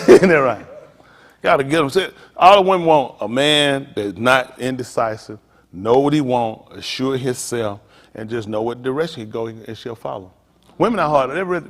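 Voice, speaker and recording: A middle-aged man pastor, teasing and preaching to his congregation in a joking, animated way. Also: medium pitch. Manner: animated, teasing, talks straight to the crowd. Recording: long hall reverb.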